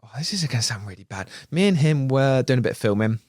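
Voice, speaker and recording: A man with an English accent telling an animated anecdote in casual podcast chat, laughing and mimicking other people's voices as he goes. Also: mid-range voice, fast, no echo, studio quality. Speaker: videographer. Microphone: studio podcast mic.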